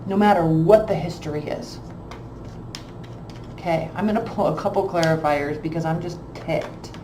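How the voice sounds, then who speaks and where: A woman's voice: fairly low pitch, moderate pace, mellow, roomy sound, slight background noise, poor audio. A woman reading tarot cards in a blunt, emphatic way, repeating phrases for stress. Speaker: tarot reader.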